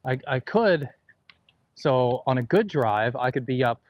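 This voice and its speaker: A man's voice: mid-range voice, expressive, unhurried, no echo, highs cut off. Man, golfer co-host, plain-spoken, calls his shots, outdoors on a golf course. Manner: plain-spoken, mildly frustrated, talks through his shots. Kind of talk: casual talk while playing golf.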